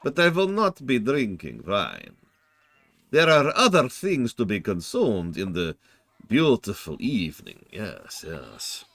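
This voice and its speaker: A man voicing a sinister aristocratic male vampire count, slow and theatrically menacing. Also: on the low side, wildly swooping pitch, vocal fry, fairly bright tone, heavily acted.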